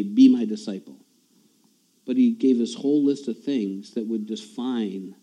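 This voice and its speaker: A man's voice: mid-range voice, dark tone, low-quality recording. A man preaching a sermon in a church, talking in a conversational way, often repeating words and chuckling at himself.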